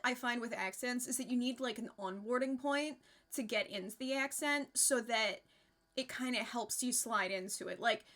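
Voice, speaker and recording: A woman's voice: a little high, bright, forceful tone. A woman live streamer chatting casually with her viewers, rambling, laughing often and swearing freely.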